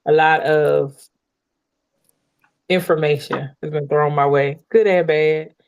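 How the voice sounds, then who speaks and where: A woman's voice: low-pitched, steady tone, slow pace, clear, resonant tone, lo-fi sound. A woman hosting a casual podcast, laughing easily and speaking about faith and gratitude. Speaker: podcast host.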